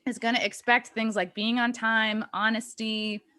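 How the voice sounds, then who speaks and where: A woman's voice: a little high, flat delivery, normal speed, bright, forceful tone, clear, resonant tone. A woman hosting a podcast, arguing bluntly and confrontationally, with casual swearing. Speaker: podcast host. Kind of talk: heated casual argument.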